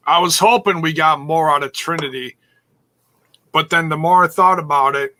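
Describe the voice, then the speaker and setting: A man's voice: fairly high pitch, normal speed, bright, forceful tone. A man co-hosting a casual podcast, rambling and thinking aloud as he talks. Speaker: podcast co-host.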